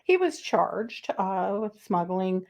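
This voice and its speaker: A woman's voice: mid-range voice, big pitch swings, slow, a little mellow. A woman co-hosting a casual true crime podcast, telling odd news in a playful way with many small fillers and giggles. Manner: playful storyteller, lots of uh and mm-hmm, giggles through odd news. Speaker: podcast co-host.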